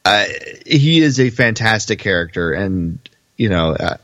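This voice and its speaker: A man's voice: on the low side, animated, measured pace, fairly bright tone, no echo, lo-fi sound. A man co-hosting a podcast in casual chat, agreeable and a little hesitant with fillers. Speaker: podcast co-host.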